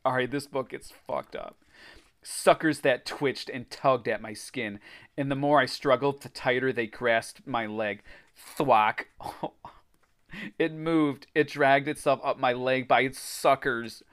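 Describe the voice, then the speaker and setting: A man with a mid-range, slightly bright voice hosts a podcast, reading a children's horror story aloud at a somewhat slow pace. He keeps breaking off for laughing, swearing asides.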